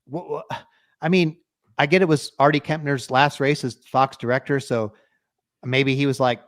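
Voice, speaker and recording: A middle-aged man co-hosting a sports podcast, ranting in an exasperated, animated way. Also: mid-range voice, normal speed. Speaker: podcast co-host. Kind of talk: heated sports podcast rant.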